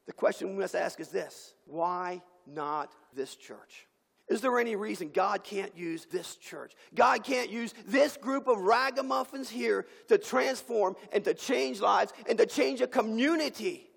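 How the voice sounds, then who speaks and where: Pastor, male, high gravelly voice, impassioned sermon, big church reverb. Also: a bit bright. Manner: impassioned preaching with dramatic pauses. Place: church sanctuary. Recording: long hall reverb.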